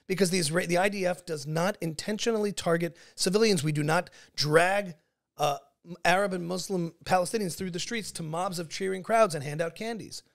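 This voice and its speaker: Male host, quick-talking and argumentative, pushes his case hard in debate. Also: sits high, gravelly. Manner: insistent, argumentative. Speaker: podcast host. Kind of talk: conversational debate.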